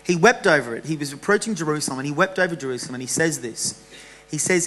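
A man's voice: fairly high pitch, fast talker, a little hiss or hum, poor audio. Casual man preaching. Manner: casual, animated preaching with jokes and restarts. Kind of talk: sermon.

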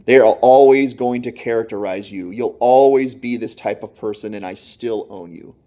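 A man voicing a taunting male devil who accuses a believer in a low, hushed tone. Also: moderate pace, close to an everyday voice. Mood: accusing.

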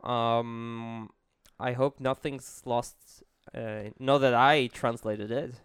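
Halting Israeli man with a smooth voice. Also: mid-range voice, fairly even intonation, no echo, studio quality. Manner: hesitant, searches for English words with many fillers. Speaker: podcast co-host. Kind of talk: casual podcast chat.

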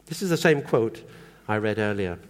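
Lively male preacher in a reverberant hall. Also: fairly low pitch, normal speed. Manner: conversational, asks the congregation questions. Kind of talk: sermon. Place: church hall.

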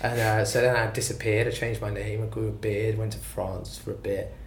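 Low-voiced rambling singer-songwriter man. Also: flat delivery, fairly quick, slight background noise. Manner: rambling, self-deprecating storytelling. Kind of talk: casual interview chat. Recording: roomy echo, faint ambience.

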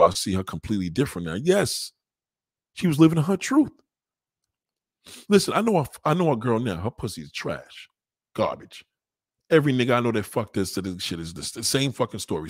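Brash, husky-voiced male comic, lively swings in pitch. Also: no echo, clean studio sound. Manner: brash, crude, acts out voices of the people he describes. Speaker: stand-up comedian. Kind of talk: profane stand-up routine.

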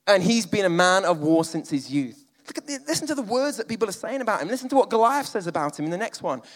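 A man preaching a sermon, moving between loud emphatic lines and quiet, almost whispered ones. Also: high-pitched, big pitch swings, fast talker, in a large hall.

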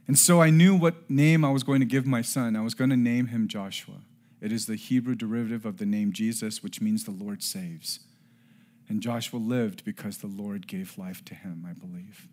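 Here the middle-aged pastor is earnest as he preaches and recounts something from his own life, climbing to loud emphasis and sinking to quiet tones. His voice is on the low side and moves at a moderate pace.

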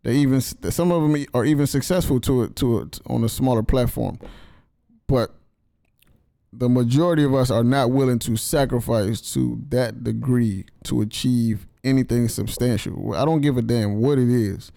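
A blunt man hosts a casual interview and talks straight to his guest. His voice is dark and gravelly, recorded dry and close. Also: mid-range voice, moderate pace, dry recording. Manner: blunt, asks questions. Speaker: host.

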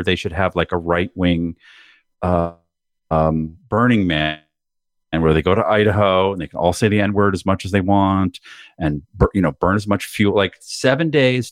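A man's voice: low-pitched, dry recording, clean studio sound. A man co-hosting a podcast, rambling and swearing as he riffs sardonically in casual banter. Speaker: podcast co-host.

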